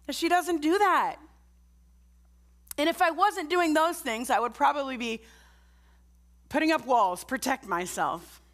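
A woman's voice: high voice, unhurried, pauses often, a bit bright. Earnest middle-aged woman preaching. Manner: earnest, conversational, asks the congregation direct questions. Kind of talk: sermon.

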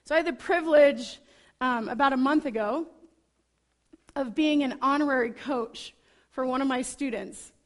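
A woman preaching a sermon, telling a story with chatty enthusiasm and lively asides. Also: high-pitched, normal speed, pauses often.

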